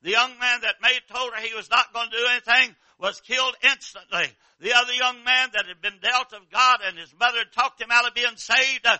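Older male revival preacher, high voice, fervent repetitive cadence, low murmurs to shouts. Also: fairly quick, few pauses, no room sound. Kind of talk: revival sermon.

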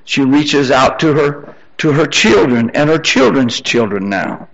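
An older man preaching a sermon, repeating his phrases as he presses his congregation, then dropping into quieter storytelling. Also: big pitch swings, a little slow, gravelly, muffled recording. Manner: rising to high-pitched emphatic exhortation, then softer storytelling.

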